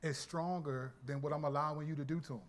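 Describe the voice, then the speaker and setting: A man voicing God as a calm, casual, unbothered deity in an offhand everyday manner. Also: on the high side, fast, slight background noise, lightly acted. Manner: casual, breezy, colloquial.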